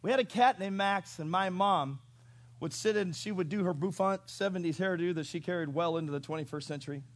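A male pastor preaching a sermon in an animated storytelling way, chuckling and asking the congregation questions. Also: high-pitched, fairly quick.

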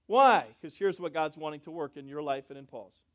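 A pastor preaching a sermon, moving between loud, drawn-out emphasis and quiet, low asides, and asking his congregation questions. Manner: swings between loud emphatic lines and soft low asides, drawing out key words; asks the congregation questions and calls for responses.

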